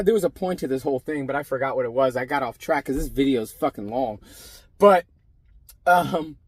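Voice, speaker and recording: A man's voice: a little high, darkish tone, no room sound. A middle-aged man, a former prison sergeant, ranting casually and profanely to camera, rambling and blunt.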